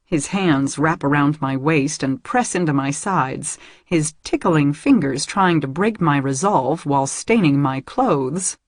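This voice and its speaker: Woman narrating a first-person novel; breathy tone, dry close sound, soft and intimate. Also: low-pitched, measured pace, few pauses, no room sound. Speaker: audiobook narrator.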